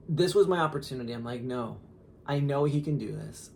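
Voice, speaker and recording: A man in his thirties, a father, telling a story casually on a podcast in an animated way with lots of fillers. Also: medium pitch, fairly quick, creaky, a little hiss or hum. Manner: animated, laughing, lots of fillers and quoted asides.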